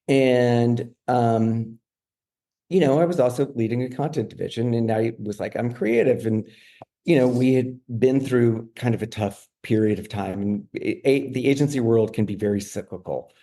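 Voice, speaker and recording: A man's voice: mid-range voice, normal speed, dark tone. A middle-aged man telling a candid story as a podcast guest, with many "like" and "you know" fillers.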